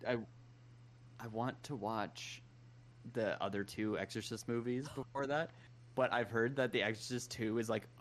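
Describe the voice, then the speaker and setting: A man's voice: medium pitch, fairly even intonation, normal speed. A man co-hosting a casual podcast chat, rambling at an easy pace with hesitant restarts. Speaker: podcast co-host.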